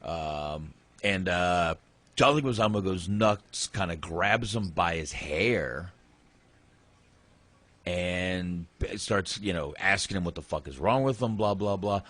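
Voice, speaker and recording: A man's voice: deep voice, slow, a bit bright, no room sound. A man hosting a casual movie review podcast, retelling scenes in a rambling, profane way. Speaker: podcast host.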